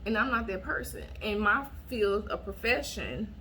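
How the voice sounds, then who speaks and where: A woman vlogger telling a dating story to her viewers in a casual, blunt and animated way, often acting out what she said in a raised voice. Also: mid-range voice, normal speed, slight background noise.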